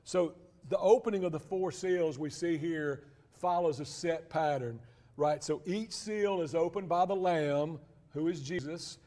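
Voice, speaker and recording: A man's voice: a little high, measured pace, mellow. A man teaching a church Bible class in a conversational way, with frequent restarts and asides.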